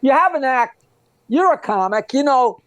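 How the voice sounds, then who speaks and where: High-voiced man telling jokes gleefully. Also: moderate pace, no room sound. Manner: animated joke teller who laughs at his own punchlines. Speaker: comedian guest. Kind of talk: casual chat, telling jokes.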